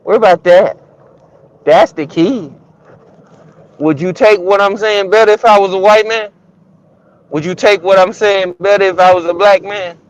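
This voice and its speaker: A man's voice: sits high, moderate pace, long pauses, lo-fi sound. A man from Alabama, calling in to a talk show and making his point with emphatic, preachy rhetorical questions. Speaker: caller. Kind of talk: call-in show chat.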